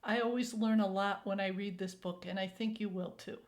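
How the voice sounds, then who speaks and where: A woman hosting a youth storytime, reading a children's picture book aloud in a gentle, deliberate way. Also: mid-range voice, fairly even intonation. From Minnesota, USA.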